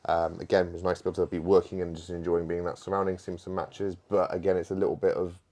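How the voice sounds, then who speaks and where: Male podcast host, very low voice, easygoing banter, frequent laughter. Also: little pitch movement, quick pace, darkish tone. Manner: laughs often, swears casually. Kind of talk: casual podcast chat.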